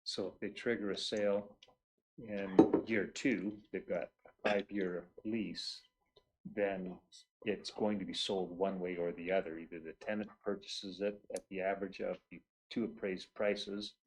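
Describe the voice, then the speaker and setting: A man's voice: sits low, level tone, a little slow, slight background noise, poor audio. A man on a council, talking through a policy point carefully and politely. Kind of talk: council meeting discussion. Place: council chamber.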